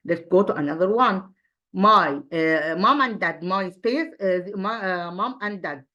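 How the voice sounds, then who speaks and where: A woman teaching an English grammar review lesson, pausing often and repeating herself, asking rhetorical questions as she goes. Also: mid-range voice, animated, fairly bright tone. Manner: hesitant, frequent fillers and restarts.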